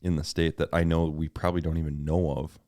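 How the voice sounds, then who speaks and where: A man's voice: very deep voice, little pitch movement, fast, dark tone, no echo, clean studio sound. A young man from Wisconsin co-hosting a podcast, chatting casually and joking, saying "dude" a lot. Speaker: podcast co-host. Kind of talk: casual chat.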